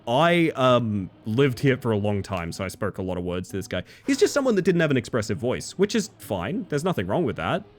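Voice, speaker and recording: A streamer chatting casually and telling a rambling personal story to their live viewers, with lots of fillers. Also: medium pitch.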